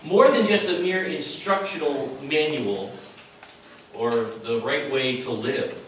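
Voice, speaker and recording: A man's voice: fairly high pitch, takes it slowly, fairly bright tone, slight background noise. A man preaching an earnest, emphatic sermon as a chapel speaker at a Christian school. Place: chapel at a retreat. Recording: echoey room from far off.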